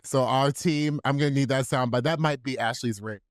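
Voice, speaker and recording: A man co-hosting a podcast, chatting casually in an animated, playfully outraged way and laughing often. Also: mid-range voice, a little fast, no echo, clean studio sound. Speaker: podcast co-host.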